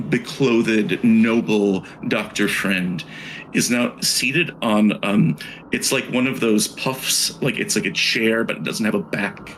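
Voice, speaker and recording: A man running a tabletop horror game as game master, narrating with many pauses and fillers. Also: lowish voice, a little hiss or hum, poor audio. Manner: hesitant, searching for words with many fillers.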